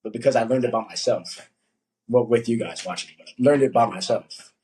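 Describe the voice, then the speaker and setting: A young man, a coach, chatting casually on a podcast, telling animated stories and acting out what people said. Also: medium pitch, fairly quick, slight background noise, low-quality recording. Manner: animated storytelling, acts out quotes.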